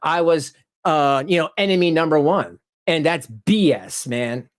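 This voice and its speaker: A man hosting his channel, heated and profane, ranting in casual commentary and laughing often. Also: unhurried. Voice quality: animated, jumps into high mocking voices when quoting critics. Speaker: channel host.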